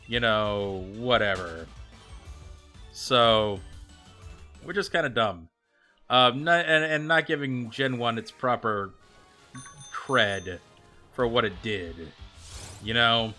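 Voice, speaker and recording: Bright-voiced chatty male streamer. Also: medium pitch, lively intonation, takes it slowly, long pauses, soft background music. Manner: rambling, chatty, many fillers, reads out viewer names. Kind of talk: casual livestream chat.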